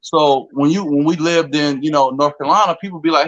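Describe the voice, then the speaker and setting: A man from the DC area, talking in a rambling, animated way in a casual group debate, often repeating words. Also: on the high side, a little fast, dull audio. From DC, Maryland, Virginia area.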